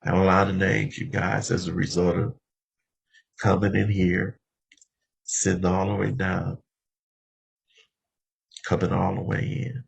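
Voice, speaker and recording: A man's voice: low voice, little pitch movement, unhurried, creaky, long pauses, breathy edge. A man in his seventies from Los Angeles, telling his story as the speaker at a recovery meeting and talking straight to the room. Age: 70s. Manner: conversational storytelling, often addressing the room directly. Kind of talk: personal recovery share.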